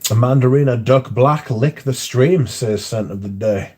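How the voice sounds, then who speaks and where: A man streaming live banters with his audience, drifting through anecdotes laced with profanity and filler. His mid-range voice is a little mellow, and his pace is ordinary.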